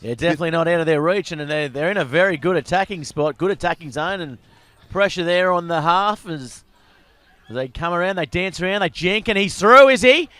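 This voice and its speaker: A man commentating a live rugby sevens match, excitable and rising to shouts at tries. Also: sits high, a little fast, no echo. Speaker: sports commentator.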